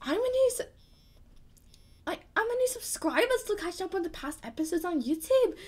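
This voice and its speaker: A woman's voice: extremely high pitch, very animated, fairly quick, voice pushed up. A woman reading a viewer's letter aloud in a put-on Scottish accent, giggling as she goes. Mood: playful mock-brogue.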